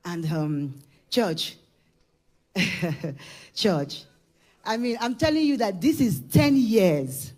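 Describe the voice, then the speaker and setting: A middle-aged Ugandan woman giving a church testimony, moving from hushed storytelling to shouted praise. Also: medium pitch, expressive, moderate pace. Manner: emotional, building from hushed telling to shouted praise.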